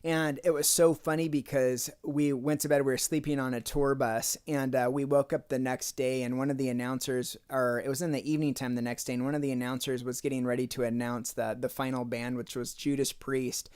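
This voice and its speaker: A man's voice: mid-range voice, little pitch movement, a little fast, hardly any pauses, a little mellow, clean tone. A man from the United States telling a personal faith story in a casual, conversational way, often acting out what people said. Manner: conversational, acts out quoted dialogue with "I'm like". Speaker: speaker sharing a faith testimony.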